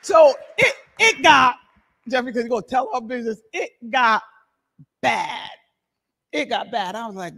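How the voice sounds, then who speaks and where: A middle-aged woman pastor preaching a sermon and giving her testimony, animated, shouting and laughing between lines. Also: fairly high pitch, moderate pace. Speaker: apostle and pastor. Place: church sanctuary. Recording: reverberant hall.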